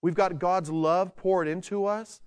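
A male pastor preaching a sermon with animated delivery, dropping into slow, quiet emphasis and then building to excited bursts. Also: sits high, clean tone. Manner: slows down to stress key words.

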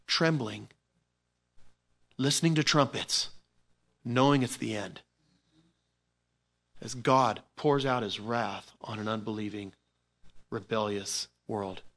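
Preaching as a pastor at a medium pitch, this man speaks slowly and pauses often. He alternates between loud, emphatic bursts and quiet, offhand asides, keeping it informal with repeated words and restarts.

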